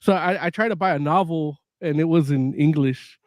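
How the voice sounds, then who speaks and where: A man co-hosting a podcast, telling a story in casual chat, quick and profane. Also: fairly high pitch, darkish tone, no room sound, studio quality. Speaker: podcast co-host.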